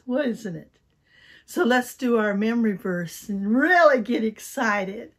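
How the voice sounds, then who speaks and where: An older woman speaks slowly and warmly-paced to little children, leading a Bible storytime. Her voice is husky and breathy, and she coaxes the kids to answer and repeat lines after her, dipping to a whisper or rising to a shout to show feelings. She sounds like a church granny at the children's service. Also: medium pitch, expressive. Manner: coaxing call-and-response with little children.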